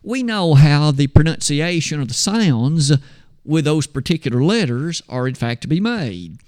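A man teaching a Bible lesson from slides, explaining things in a measured way and speaking to his listeners as "you and I". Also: a little high, big pitch swings, a little mellow.

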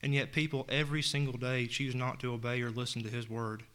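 A man's voice: mid-range voice, flat delivery, a little fast, fairly bright tone, smooth. A man preaching a sermon in an earnest tone, reading scripture aloud and retelling it in plain words.

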